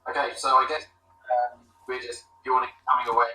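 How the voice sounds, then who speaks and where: Man, tabletop player, sharp bright voice, far from mic, roomy echo, hesitant. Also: mid-range voice, little pitch movement, a little fast, faint music behind. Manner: hesitant, casual in-character suggestions. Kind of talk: tabletop game over a voice call. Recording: echoey, distant call audio.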